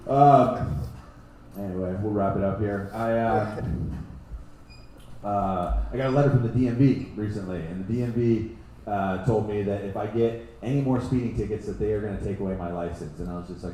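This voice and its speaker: A man performing a live stand-up set in a small venue, delivering boastful deadpan bits and checking in with "all right?". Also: fairly low pitch, brisk, very echoey, a little hiss or hum, rough recording. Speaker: stand-up comedian. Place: small comedy show venue.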